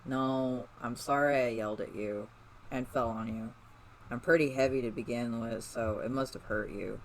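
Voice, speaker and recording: A man voicing a moody, defensive young male mutant turtle in a read-aloud fan story, in a flat, grumbling way. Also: medium pitch, normal speed, a little hiss or hum, lightly acted, low-quality recording. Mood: sorry.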